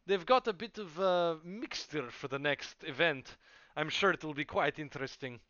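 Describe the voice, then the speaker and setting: A man voicing a calm, scheming male noble in a tabletop game, speaking softly and with measured care. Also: dry recording, lo-fi sound. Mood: sly. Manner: soft, lowered, measured voice.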